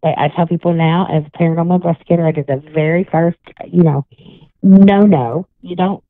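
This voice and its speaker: Lady on a tinny phone line, lowish voice, rambling ghost story with lots of restarts. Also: steady tone, a little fast, dry recording. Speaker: guest psychic and paranormal investigator. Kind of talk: casual radio chat.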